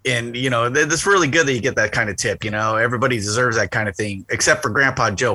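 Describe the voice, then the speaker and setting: A man's voice: mid-range voice, fast talker, hardly any pauses, sharp tone, no echo. A man co-hosting a casual podcast, rambling and swearing, laughing often. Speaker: podcast co-host. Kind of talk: crude casual banter.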